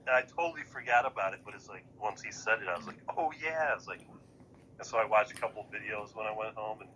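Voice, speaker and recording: Laid-back man with a bright, sharp voice. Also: fairly low pitch, fairly even intonation, fast talker, a little hiss or hum, poor audio. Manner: laid-back, joking storyteller. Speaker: podcast co-host. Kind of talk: casual chat.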